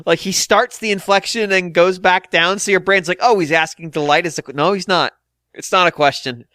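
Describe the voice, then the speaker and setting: A man hosting a podcast, chatting casually with quick jokes and asides. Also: high-pitched, clear, resonant tone, no room sound, clean studio sound. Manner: animated, jokey, quick asides and impressions. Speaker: podcast host. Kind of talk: casual comedic podcast chat.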